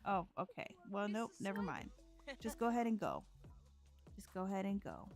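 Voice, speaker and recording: A woman's voice: medium pitch, very animated, normal speed, soft background music. A woman streaming a life-sim game, chatting casually, giggling often and narrating what her characters think and say. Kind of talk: casual let's-play commentary.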